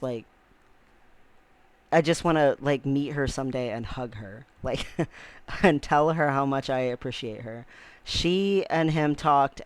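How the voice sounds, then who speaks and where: A man vlogging about his own life in a heartfelt, halting way, with lots of restarts and fillers. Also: medium pitch, clean tone. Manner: earnest and heartfelt. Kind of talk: casual personal vlog storytelling.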